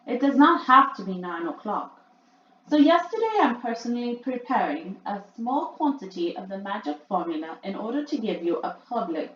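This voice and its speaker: A woman voicing the imperious female witch leader from a storybook in an emphatic, commanding way. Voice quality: shrill, loud and emphatic. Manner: read-aloud storybook acting. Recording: muffled, echoey room.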